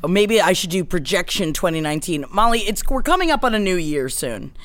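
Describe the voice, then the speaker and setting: A young woman co-hosting a podcast, loud and jokey. Her pitch swings widely as she talks, bouncing up and down with every line. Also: a little fast. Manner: loud, animated, jokey, mimics voices. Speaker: podcast co-host. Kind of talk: casual chat.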